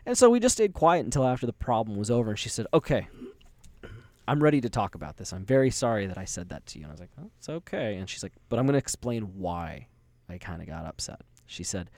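A young man with a fairly low voice tells a long, meandering story on a podcast, peppering it with casual swearing and quick laughs. The sound is close and dry, with no room around it. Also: very animated, darkish tone, no echo. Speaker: podcast co-host.

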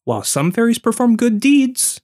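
A man's voice: very high-pitched, very animated, normal speed, darkish tone. A man co-hosting a podcast, casually telling folklore stories from his notes to his co-host. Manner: storytelling, explaining folklore from notes.

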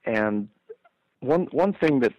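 A man, a comedian calling into a show, chatting eagerly and telling stories at a quick clip. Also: mid-range voice, expressive, no echo. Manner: fast-talking, eager storyteller. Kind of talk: casual chat. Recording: dull call-in line.

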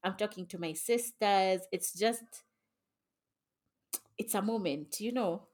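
A woman's voice: mid-range voice, slow, a little mellow. A young woman co-hosting a podcast with her sisters, talking reflectively in casual chat and swearing now and then. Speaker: podcast co-host.

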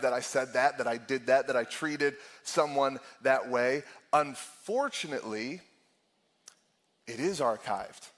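A man's voice: medium pitch, a bit bright. A middle-aged man preaching a sermon as lead pastor, candid and self-deprecating, often laughing and acting out his own thoughts.

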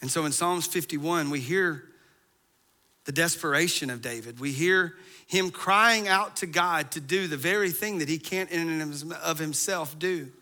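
High bright-voiced guy preaching, chatty asides then gets fired up. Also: measured pace. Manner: preaching, building to impassioned crescendos; conversational asides, then fervent. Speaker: pastor. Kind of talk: sermon.

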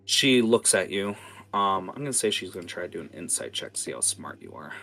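A man's voice: low voice, big pitch swings, fairly quick, gravelly, pushed and bright. A man narrating a tabletop game as game master, casual and full of fillers and restarts.

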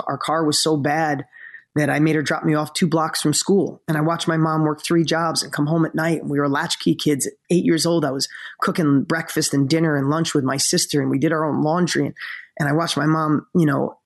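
Gravelly, earnest man telling a story. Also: a little high. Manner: earnest, emotional, openly close to tears. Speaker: podcast co-host. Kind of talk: emotional personal storytelling.

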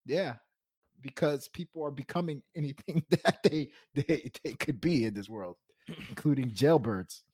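A man's voice: medium pitch, moderate pace, a little mellow, slightly rough, no echo, studio quality. A man co-hosting a podcast, joking and laughing often in casual banter. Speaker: podcast co-host.

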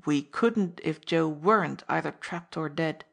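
A woman's voice: low-pitched, vocal fry, full character voice. A woman voicing a cool, contemptuous male gangster who speaks in a clipped, emphatic way. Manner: clipped, sharp, slow and emphatic.

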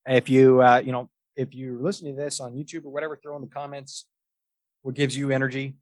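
With a level, somewhat dark medium-pitched voice, this male podcast host talks a bit fast, and there's no room sound. He spins rambling stories in casual chat, restarting often, leaning on fillers, and laughing regularly.

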